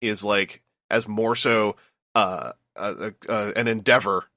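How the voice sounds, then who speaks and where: A man co-hosting a casual podcast, giving advice in an emphatic, animated way. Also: fairly low pitch, measured pace, no echo, studio quality. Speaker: podcast co-host.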